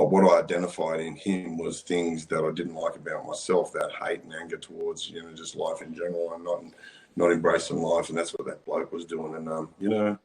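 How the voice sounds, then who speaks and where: A middle-aged Australian man with a very deep voice talks in a loose, blunt way. He swears freely and wanders through his story in casual conversation. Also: vocal fry, darkish tone. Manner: blunt, profane, rambling storyteller. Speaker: former prisoner sharing his story.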